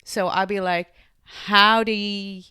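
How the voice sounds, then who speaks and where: A woman's voice: medium pitch, big pitch swings, moderate pace, a bit bright, dry recording, studio quality. A woman co-hosting a podcast in casual chat, giggly and self-mocking. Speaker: podcast co-host.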